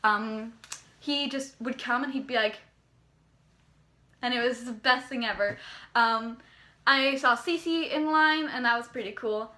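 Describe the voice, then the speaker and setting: A young woman vlogger from Canada excitedly telling a story in casual chat, rambling with lots of "like"s. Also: a little high, a little slow, long pauses.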